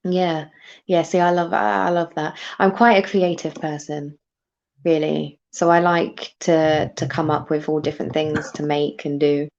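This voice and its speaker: A woman in her thirties from Britain, hosting a live stream in casual chat, chatty and quick to laugh, often restarting her sentences. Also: sits low, steady tone, a little mellow. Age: 30s. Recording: dull, lo-fi stream audio.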